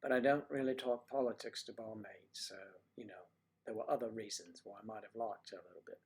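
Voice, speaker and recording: A man's voice: on the low side, steady tone, fairly quick, husky. A man hosting a casual livestream, chatting to viewers in a playful, rambling way with teasing asides. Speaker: livestream host.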